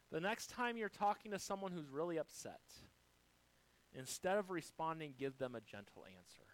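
A man delivering a sermon as a pastor, swinging between loud emphasis and soft, quiet lines while quoting scripture. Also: mid-range voice, low-quality recording.

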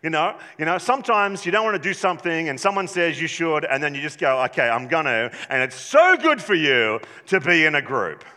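Man preaching, high bright voice, big hall echo, passionate, rising to shouts. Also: sing-song, fairly quick, few pauses. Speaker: pastor. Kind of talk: sermon.

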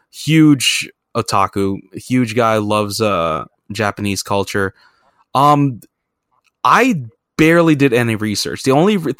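A man's voice: medium pitch, fairly bright tone, no room sound, studio quality. Rambling, profane storytelling man. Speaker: podcast host. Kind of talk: casual storytelling chat.

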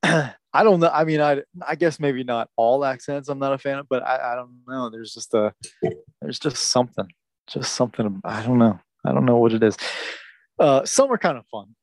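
A man's voice: medium pitch, normal speed, no room sound. A man co-hosting a podcast in casual chat, hesitant, laughing often. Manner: hesitant, lots of fillers and restarts, laughs a lot. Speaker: podcast co-host.

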